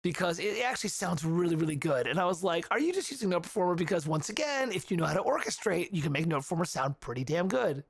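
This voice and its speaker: A man hosting a casual livestream, giving animated feedback on music and often humming the melodies aloud. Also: high voice, fast, creaky, few pauses, husky. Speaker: livestream host reviewing music compositions.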